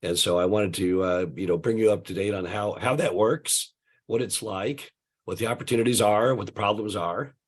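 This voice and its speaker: An older man speaks with a husky, gravelly voice, hoarse from a bout of flu, his pitch sitting on the low side. He tells his story in a loose, conversational way, pausing often on "uh" as he goes. He comes through a video call. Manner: relaxed storytelling with many "uh" fillers. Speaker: guest speaker. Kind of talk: conversational webinar presentation.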